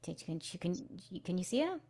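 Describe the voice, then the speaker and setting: A woman with a low, gravelly voice hosts a spiritual live stream. She is soft-spoken and slips into hushed chanting. She is heard over a video call. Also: sing-song, a little fast. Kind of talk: guided meditation and casual chat.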